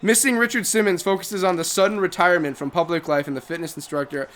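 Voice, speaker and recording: A man's voice: sits high, steady tone, quick pace, fairly bright tone. A young man chatting casually while streaming a game, rambling with many fillers. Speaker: gaming co-host. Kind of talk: casual chat while gaming.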